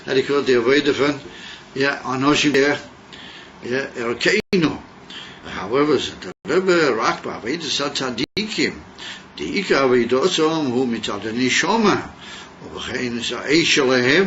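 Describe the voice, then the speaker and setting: A man giving a yeshiva class lecture, mixing English with Yiddish and Hebrew terms and pausing often with fillers. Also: medium pitch, expressive, fairly bright tone. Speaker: Torah teacher. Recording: dull lo-fi class recording with faint noise.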